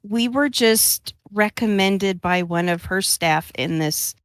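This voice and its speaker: A woman's voice: mid-range voice, slow pace, no room sound, studio quality, close to an everyday voice. A woman voicing an awkward woman adventurer who backpedals hesitantly over a mix-up.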